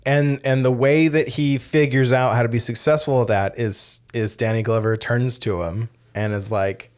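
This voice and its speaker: A man's voice: medium pitch, steady tone, normal speed, a little mellow, clear, resonant tone. A man co-hosting a podcast, talking through a film in a loose, rambling way with many restarts. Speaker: podcast co-host. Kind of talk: casual film discussion.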